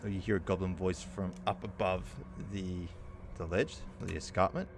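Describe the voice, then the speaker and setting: Low-voiced man running a tabletop game. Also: fairly even intonation, normal speed, background noise. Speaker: game master.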